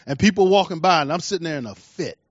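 A middle-aged man preaching a sermon, emphatic, repeating key lines and swinging between soft and loud delivery. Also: fairly high pitch, lively intonation, quick pace, dry recording. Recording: dull dry recording.

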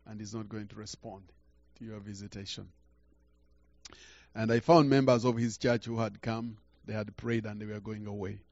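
An older man preaching a sermon through a story, halting and repeating words, swinging from quiet to loud. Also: fairly low pitch, fairly even intonation, dry recording, lo-fi sound. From Uganda.

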